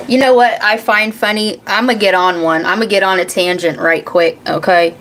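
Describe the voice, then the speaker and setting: A woman in her forties gives a casual psychic reading in a rambling, off-the-cuff way. She is blunt and swears freely, and she laughs often between thoughts. Her voice sits at an ordinary middle pitch. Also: steady tone, moderate pace, fairly bright tone, slight background noise, rough recording. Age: 40s. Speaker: psychic channel host.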